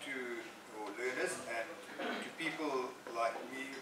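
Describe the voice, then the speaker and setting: A man's voice: mid-range voice, takes it slowly, far from the mic. A man evaluating a speech at a club meeting, weighing praise against advice in an encouraging, methodical way. He sounds set back from the mic in an echoey room. Room noise stays in the background.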